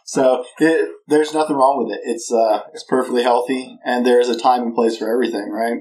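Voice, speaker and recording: A man's voice: mid-range voice, fairly even intonation, brisk, darkish tone, low-quality recording. Chatty, self-deprecating male podcast host. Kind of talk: casual interview chat.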